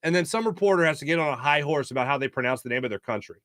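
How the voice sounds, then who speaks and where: A man's voice: medium pitch, rapid-fire, few pauses, a bit bright, no room sound. An American man hosting a sports talk show, rambling and opinionated, with many fillers. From United States. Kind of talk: casual sports talk monologue.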